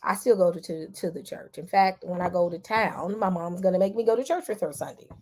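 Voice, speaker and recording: A woman vlogger with a lowish, darkish voice speaks a little fast as she gives casual commentary to her viewers. She talks to them directly and emphatically, with lots of repetition and restarts.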